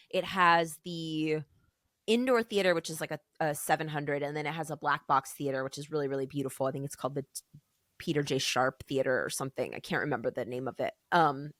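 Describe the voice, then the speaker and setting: Her voice sits low as she, a podcast co-host, chats through a story with lively energy, voicing the people she quotes. The recording has studio quality and no echo.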